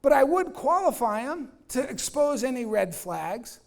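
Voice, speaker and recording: A man giving an energetic, blunt real estate training talk, acting out dialogues and quizzing his audience. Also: very high voice, unhurried, gravelly. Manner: energetic, acts out dialogues, asks audience questions. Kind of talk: live training talk to agents.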